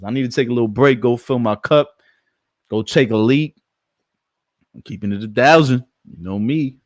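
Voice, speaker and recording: A man's voice: mid-range voice, moderate pace, no echo, studio quality. A man, hosting a casual live stream, brash, profane and joking as he talks to his chat.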